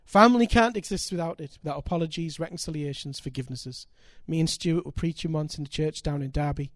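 An older man preaching, his voice sitting a little high for a man and recorded close and dry. He tells stories with animation, climbing to loud, emphatic peaks. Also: fast talker, no echo. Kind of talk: sermon with storytelling.

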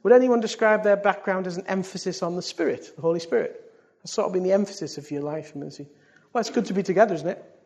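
A man preaching to his congregation with a fairly high voice. He swings from loud, rising calls to quiet, hushed asides, and he keeps throwing questions out to the room. The delivery is lively and direct. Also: fast talker. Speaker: pastor. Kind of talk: sermon. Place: church service.

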